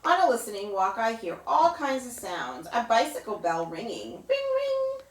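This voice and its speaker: A woman who teaches yoga to children reads a picture book aloud to them, mimicking sounds in a high, playful voice. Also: expressive, normal speed, far from the mic. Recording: roomy echo, voice off-mic.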